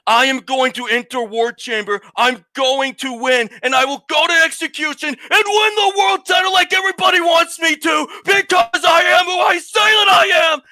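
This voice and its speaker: A man playing a brash male wrestler cutting a loud, cursing, boastful promo. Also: very high voice, moderate pace, few pauses, no echo, heavily acted. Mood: furious.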